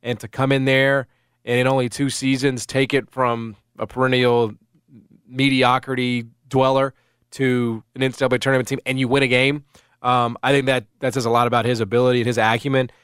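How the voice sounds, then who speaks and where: A man's voice: mid-range voice, level tone, fairly quick, a bit bright, clean tone, no echo, studio quality. A middle-aged man hosting casual sports talk, rambling with many restarts and fillers.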